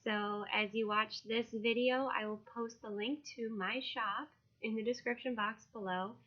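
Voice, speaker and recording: A woman who reads tarot and is launching her own card deck, talking casually, emotionally and haltingly, with many fillers. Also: on the high side, steady tone, lo-fi sound. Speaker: tarot reader and deck creator. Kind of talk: casual video walkthrough.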